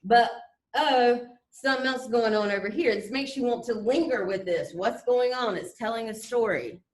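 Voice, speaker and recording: A woman art teacher lecturing over slides in a chatty way, full of fillers and restarts, raising her pitch to stress key words. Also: moderate pace, recorded from a distance. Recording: echoey room, voice off-mic.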